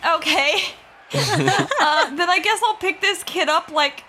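A woman player in a tabletop game, talking slowly and haltingly with lots of fillers. Her voice is very high and bright. There is faint noise in the background. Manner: hesitant, full of fillers and swearing, laughing.

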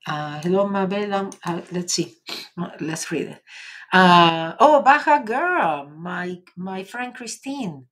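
A woman with an Argentinian Spanish accent, a native Spanish speaker, hosting a casual live stream and reading viewer comments in a gentle, encouraging way with many fillers. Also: on the low side, takes it slowly.

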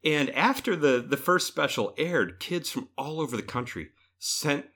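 Animated, laughing man co-hosting a podcast. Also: on the high side, unhurried. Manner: animated, laughing, acts out characters' lines. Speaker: podcast co-host. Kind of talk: casual podcast chat.

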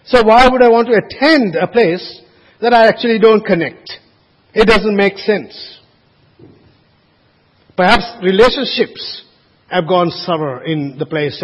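A man preaching a sermon as pastor, earnest and emphatic, with frequent restarts and casual asides to the congregation. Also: high-pitched. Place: church sanctuary. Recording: dull lo-fi sound with long church reverb.

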